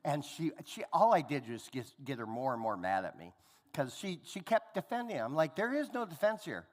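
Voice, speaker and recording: Animated preacher in a reverberant church. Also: male voice, mid-range voice, normal speed. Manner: animated storyteller acting out family dialogue. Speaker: pastor. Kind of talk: sermon with family stories. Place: church hall.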